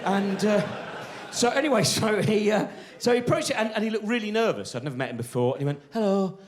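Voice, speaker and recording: A middle-aged comedian telling stand-up stories, excitable and acting out the voices of people in them. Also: male voice, sits high, fast, a crowd in the background. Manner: animated, excitable, acts out voices of people in his anecdotes. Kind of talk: stand-up storytelling.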